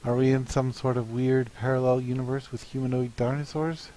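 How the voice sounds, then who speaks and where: A man's voice: medium pitch, little pitch movement, mellow, rough recording. A man, a comic artist, thinking aloud in a hesitant, musing way while planning a comic. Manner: hesitant and musing, with many pauses and fillers.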